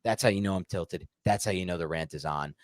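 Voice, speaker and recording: A stressed man co-hosting a sports podcast, ranting heatedly and swinging between loud outbursts and muttered calm. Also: low voice, fairly quick, no room sound. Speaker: podcast co-host. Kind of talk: casual sports podcast rant.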